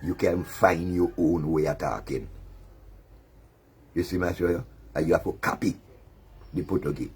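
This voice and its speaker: A man with a deep, low voice and a Caribbean creole accent hosts a commentary show. His tone is husky and a little rough. He taunts and lectures in a mocking, sermonizing way, laughing as he goes. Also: moderate pace, pauses often, darkish tone.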